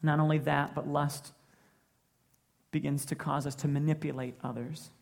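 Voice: mid-range voice, level tone, moderate pace, vocal fry. A pastor preaching a sermon in an earnest way, building points through repetition.

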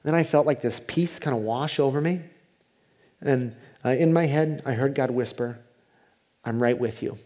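A man preaching a sermon as pastor, in a conversational way, dropping to a hushed voice when he voices prayers. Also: medium pitch, normal speed.

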